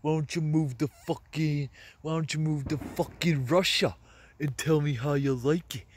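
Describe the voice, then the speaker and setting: A man's voice: on the high side, fairly even intonation, normal speed, a little hiss or hum, voice pushed up, lightly acted. A man voicing an angry, dismissive guy who tells critics to move abroad, in a heated and profane rant. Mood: mocking, heated. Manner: heated, profane, repetitive ranting.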